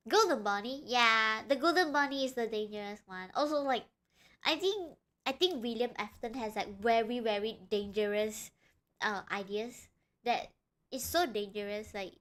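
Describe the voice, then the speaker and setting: A young woman streaming live, chatting in an excitable, rambling way with frequent giggles. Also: a little high. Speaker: streamer reacting to a video. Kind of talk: casual live-stream chat.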